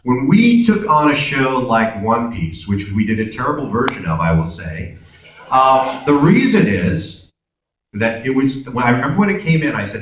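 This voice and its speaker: A man's voice: medium pitch, normal speed, a little hiss or hum. A man from Brooklyn, telling stories as a guest at a convention Q&A and acting out dialogue in voices. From Brooklyn, New York. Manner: animated, acts out dialogue in voices. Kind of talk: convention Q&A storytelling. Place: large convention hall. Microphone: camera in the audience, far from the speaker. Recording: very echoey hall, from far off.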